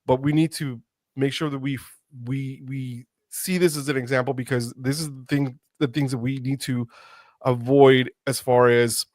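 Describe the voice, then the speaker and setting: A man hosting an interview podcast, talking earnestly and haltingly with many restarts. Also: medium pitch, steady tone, darkish tone, no echo, clean studio sound. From United States. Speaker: podcast host. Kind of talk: conversational interview.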